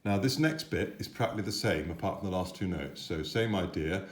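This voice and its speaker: A man's voice: deep voice, a little fast. A man teaching children a piano piece, patient and encouraging, sometimes singing the note patterns. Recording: roomy echo, piano playing.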